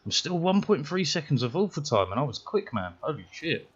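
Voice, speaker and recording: A man's voice: fairly high pitch, very animated, brisk, husky, dull audio. A man with a British accent, chatting casually and swearing while he plays a racing game, mocking his own mistakes. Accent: British English. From Britain. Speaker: streamer. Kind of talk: casual gameplay commentary.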